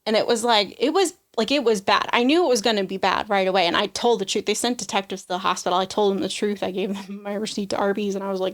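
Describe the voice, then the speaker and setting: A woman's voice: mid-range voice, fast talker, hardly any pauses. Young woman guest sharing her own story on a podcast, with feeling, voicing the people in it. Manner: emotional storytelling, acts out quoted voices, frequent "like". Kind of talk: personal testimony in an interview.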